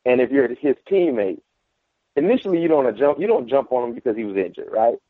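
A man's voice: mid-range voice, fairly quick, dry recording. Man on a tinny phone line. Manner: animated, mimics trash talk. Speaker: former pro football player turned analyst. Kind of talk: casual sports talk.

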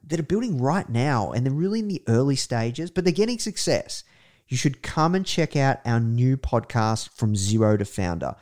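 A man hosting an interview podcast, reading a promo and asking questions in an upbeat way. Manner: upbeat, energetic pitch. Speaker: podcast host.

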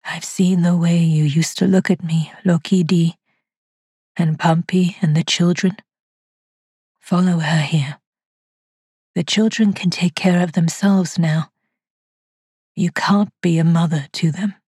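A woman voicing a dead man's ghostly voice on the phone, slow, low and menacing. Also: steady tone, warm tone, breathy edge, no room sound, clean studio sound. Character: ghostly dead man on a crackling phone line.

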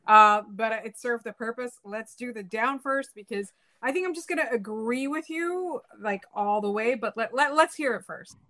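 A woman's voice: on the high side, expressive, moderate pace, bright, forceful tone. A woman joins the podcast over a remote call. She chats in a light, amused, agreeable way. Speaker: podcast co-host. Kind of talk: casual podcast chat.

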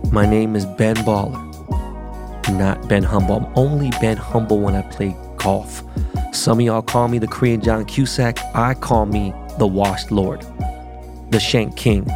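A man hosting his podcast in a casual monologue, profane and emphatic, his voice rising high when he gets worked up. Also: darkish tone. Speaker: podcast host. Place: Los Angeles studio.

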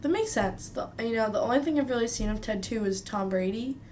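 A woman's voice: on the high side, brisk, a little mellow, a little hiss or hum. A young woman co-hosting an improvised comedy podcast, dry and playing along. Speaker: podcast co-host.

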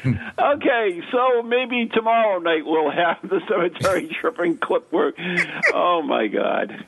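A man's voice: high voice, expressive, slow, vocal fry, fairly bright tone. A man hosting a radio show, chatting in an easygoing way with many fillers. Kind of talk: casual radio chat. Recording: tinny phone-like line.

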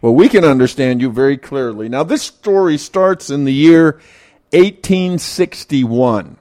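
A man hosting a radio author interview, speaking in a measured way and reading from his notes. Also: mid-range voice, expressive, a little mellow. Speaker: radio show host.

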